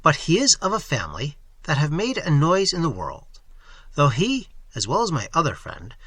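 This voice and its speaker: A man reading the part of a suave, courteous young gentleman who can turn quietly commanding. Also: on the high side, wildly swooping pitch, normal speed, husky, no echo, full character voice.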